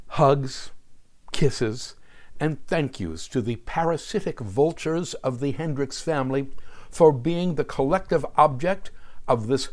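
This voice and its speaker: Wry, animated man in his sixties. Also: mid-range voice, measured pace. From New Jersey. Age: 60s. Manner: wry, sardonic storytelling. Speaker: podcast host. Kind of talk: scripted narration.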